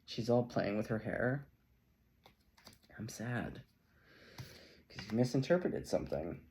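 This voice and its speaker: A middle-aged man talks viewers through a tarot spread in a loose, chatty way. His pitch is animated and swings widely, and he keeps slipping into playful asides and little laughs. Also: moderate pace, vocal fry, pauses often. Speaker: tarot reader. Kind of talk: casual tarot reading to camera.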